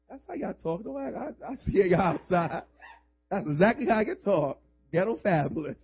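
A male pastor preaching with fervor, his voice pitched high and husky. He swings between shouting and hushed asides. The sound is dull and lo-fi. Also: animated, moderate pace. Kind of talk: sermon. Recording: dull lo-fi recording.

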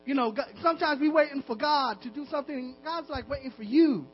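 Speaking fast and with few pauses in an extremely high-pitched voice, a pastor delivers a sermon full of insistent, repetitive exhortation and laughter. The recording is lo-fi and dull, with mains hum underneath.

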